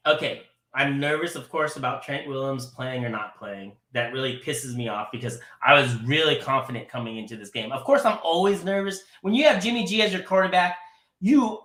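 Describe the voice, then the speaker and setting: A man calling in to a sports show, talking in a rambling, animated way and laughing between thoughts. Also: fairly high pitch, reverberant. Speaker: caller. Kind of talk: casual sports talk.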